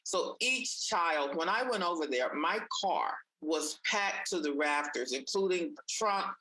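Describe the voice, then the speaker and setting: A woman in conversation, telling a personal story with animated energy and acting out the voices of people she quotes. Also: measured pace, rough recording. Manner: animated, acts out quoted voices, pitch jumps up in excited moments. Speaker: guest sharing a story.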